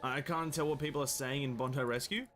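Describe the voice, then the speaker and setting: A young man chats loosely to his live-stream audience while he plays. He rambles from one joke to the next and reads viewer comments aloud, his pitch sitting in an ordinary middle range. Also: steady tone, brisk, fairly bright tone, faint music behind. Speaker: game streamer. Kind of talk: casual live-stream chat.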